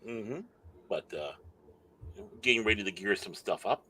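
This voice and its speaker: A man's voice: on the low side, animated, a little slow, pushed and bright, a little hiss or hum. A man co-hosting a podcast, reading articles aloud with stumbles and jokes. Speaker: podcast co-host.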